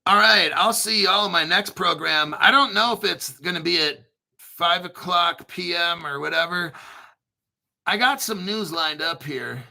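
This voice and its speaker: Blunt, gravelly-voiced man ranting casually. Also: high-pitched, unhurried, sharp tone. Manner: blunt, profane, rambling; reads viewer chat aloud. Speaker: crypto livestream host. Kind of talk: casual livestream commentary.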